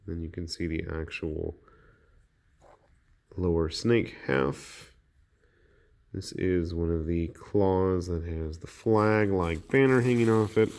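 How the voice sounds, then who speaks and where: Male hobby vlogger, very low voice, relaxed unboxing chatter, muses aloud over parts. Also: takes it slowly, pauses often. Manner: chatty, thinking aloud while handling parts. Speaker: miniatures hobby channel host. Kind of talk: casual unboxing vlog.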